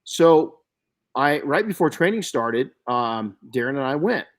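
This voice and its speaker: Middle-aged male podcast host, mid-pitched, animated storyteller who trips over his words and restarts. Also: measured pace. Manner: storytelling, animated, frequent restarts and self-corrections. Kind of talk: casual podcast chat.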